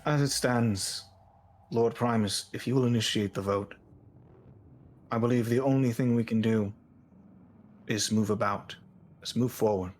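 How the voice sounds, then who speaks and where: A man's voice: medium pitch, fairly even intonation, a little slow, long pauses, darkish tone, a little hiss or hum, natural voice. A man voicing a solemn, stiff and fatherly male god lord who speaks in a formal, stilted way.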